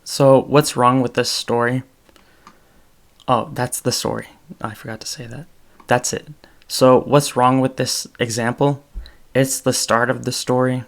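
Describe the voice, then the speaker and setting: Young man with a flat, gravelly voice. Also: medium pitch, unhurried, long pauses. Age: young adult. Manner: thinking aloud, loose and self-correcting. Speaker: podcast host. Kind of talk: unscripted solo talk.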